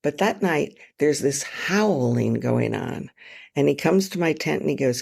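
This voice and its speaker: A woman author, a guest on a podcast, telling her travel stories in an animated, self-mocking way. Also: low-pitched, moderate pace, creaky, slightly rough. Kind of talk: storytelling in a podcast interview.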